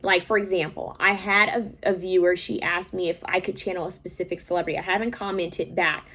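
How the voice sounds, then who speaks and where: A woman's voice: lowish voice, steady tone, a little fast, sharp tone. A young adult woman, a psychic medium, talking casually and rambling to her viewers, often checking in with them. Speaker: psychic medium and tarot reader.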